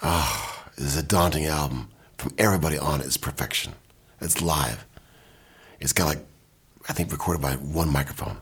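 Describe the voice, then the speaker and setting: An older man from Michigan, a music producer, telling animated stories in casual talk from his recording studio. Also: very deep voice, slightly rough. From Michigan, USA. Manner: animated anecdotes, quick bursts, mimics and scats.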